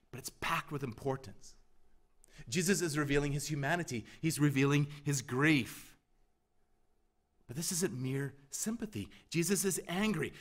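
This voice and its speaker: A man preaching a sermon as pastor, emphatic, pressing repeated questions and swinging from loud to hushed. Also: on the high side.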